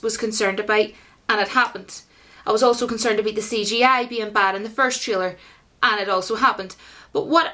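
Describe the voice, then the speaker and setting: Brief: young woman, slightly high voice, blunt and chatty vlog reviewer. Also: pushed and bright. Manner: blunt, opinionated, full of fillers; talks straight to viewers. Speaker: movie reviewer. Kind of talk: casual video review.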